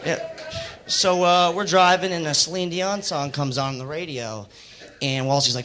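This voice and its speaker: A young American man doing a stand-up set, rambling and deadpan with lots of fillers. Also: on the high side, normal speed. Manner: laid-back, rambling, deadpan jokes with fillers. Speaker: stand-up comedian. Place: comedy club stage. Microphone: handheld stage mic. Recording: noisy club recording. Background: audience noise.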